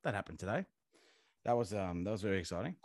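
Australian male co-host, animated, swears freely, very expressive pitch, dry close sound. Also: fast talker, dry recording. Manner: heavy swearing, animated storytelling. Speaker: podcast co-host. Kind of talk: casual chat.

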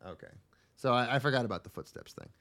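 A man co-hosts a podcast and recaps an anime in a loose, rambling way. His talk is crude and halting, full of ums and restarts. His pitch sits in an ordinary middle range. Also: huge pitch swings, vocal fry, pushed and bright. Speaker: podcast co-host. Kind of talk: casual chat recapping an anime.

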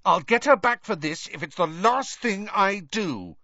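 A man voicing a clever, earnest teenage schoolgirl who talks briskly and with indignation, in a storybook reading. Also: fairly low pitch, huge pitch swings, fairly bright tone, breathy edge, no room sound, highs cut off, heavily acted. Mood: indignant.

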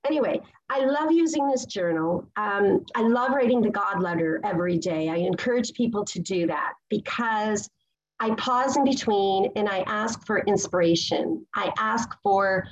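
A woman's voice: mid-range voice, low-quality recording. A woman in her forties giving a personal testimony at a recovery meeting, gushing with enthusiasm and stopping now and then to hunt for a word. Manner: excitable, gushing, pausing to search for words. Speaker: speaker sharing at a recovery meeting.

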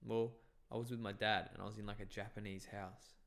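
A man's voice: lowish voice, little pitch movement, fairly quick, gravelly, fairly bright tone. A young man from Bangladesh telling a long, rambling story in casual chat, swearing and filling with "like" and "bro". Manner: rambling, profane storytelling with many fillers.

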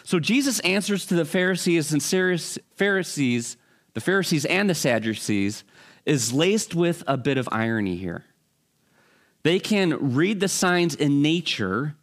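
Male preacher, mid-high voice, chatty teaching sermon, loose and unscripted delivery. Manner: conversational, with fillers and restarts.

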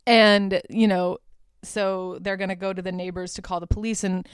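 A woman's voice: mid-range voice, flat delivery, normal speed, clear, resonant tone, dry recording. A young woman hosting a podcast, casually retelling movie scenes with lots of fillers and the odd swear word. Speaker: podcast host. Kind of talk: casual movie review chat.

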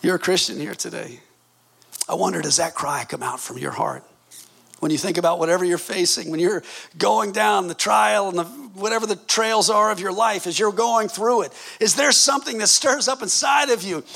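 Fifties male preacher, high gravelly voice, husky edge, passionate, quiet-to-shouting swings. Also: normal speed. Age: 50s. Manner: passionate, swings from low intimate tones to shouted exclamations. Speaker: pastor. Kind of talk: sermon.

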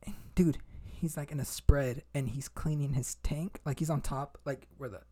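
A man's voice: on the high side, fairly even intonation, normal speed, warm tone. A young man hosting a podcast, telling a story in casual chat with lots of fillers, restarts and swearing. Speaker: podcast host.

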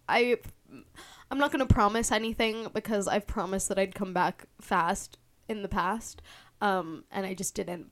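A young woman from the Bay Area hosting a casual solo podcast, rambling with lots of fillers and laughing easily. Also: mid-range voice. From San Francisco Bay Area. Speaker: podcast host.

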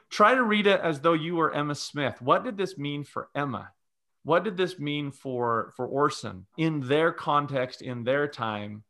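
Guy guest on a podcast, bright forceful voice, explains stuff step by step like a teacher. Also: medium pitch. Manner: teacherly, lays out numbered steps. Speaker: guest religious educator. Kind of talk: podcast conversation.

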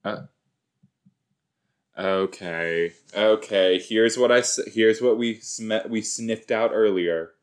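A man's voice: fairly low pitch, slow. A man hosting a rewatch podcast, giving rambling, jokey reaction commentary that often trails off.

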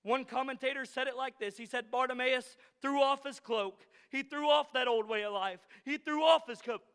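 A man preaching a sermon in a church, building to shouted emphasis with a repeating cadence, at times choked up with emotion. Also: very high-pitched, fairly even intonation, moderate pace, clear, resonant tone, big-room sound. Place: church sanctuary.

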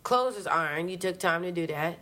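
A woman co-host telling a story in casual chat, animated, profane and slangy, acting out her own past lines. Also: fairly low pitch, a little fast.

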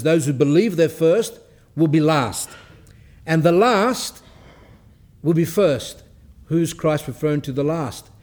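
A man delivers a sermon to his congregation in a fairly high voice. He speaks emphatically, repeating key phrases and laying out his points one by one. He drops in an occasional Greek church word while he explains. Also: a little mellow. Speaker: Orthodox preacher. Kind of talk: sermon teaching.

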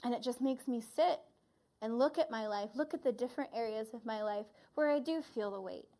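A woman preaching in an earnest, reflective storytelling manner. Her voice sits a little high for a woman. She speaks as a church leader at the pulpit. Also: darkish tone. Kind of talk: sermon.

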